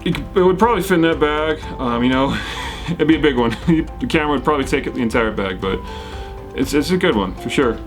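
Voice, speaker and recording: A man's voice: medium pitch, expressive, fairly quick, faint music behind. A man hosting a casual question-and-answer video, rambling and friendly, with plenty of fillers and restarts as he answers viewers. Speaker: whitewater kayaking channel host. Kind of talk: casual Q&A, reading viewer comments.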